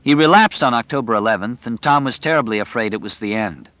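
This audiobook narrator has a mid-range male voice and reads his scripted narration at a measured, story-like pace. The sound is dull, lo-fi and dry.

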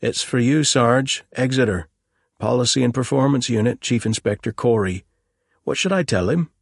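An eager young constable with a raised, keen voice, as a deep-voiced narrator puts him on. He is polite and deferential, with a husky grain left in the voice. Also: moderate pace, no echo, studio quality.

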